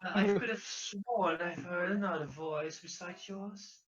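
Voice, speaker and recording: A man's voice: high-pitched, measured pace, lo-fi sound, pitched above the performer's own voice. A man voicing a mysterious, flirtatious robotic voice behind a door, drawing out his words in a coaxing, teasing way.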